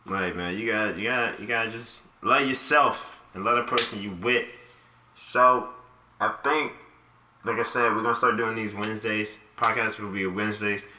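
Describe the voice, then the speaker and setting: A man's voice: fairly low pitch, steady tone, normal speed, sharp tone, echoey room, slight background noise. Laid-back slangy male podcast host. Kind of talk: casual podcast chat.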